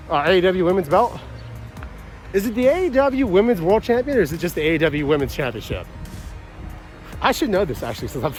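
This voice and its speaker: A man with a fairly high voice, captured in poor audio, reacts casually to a wrestling event. His review wanders, and he's frank and frequently profane.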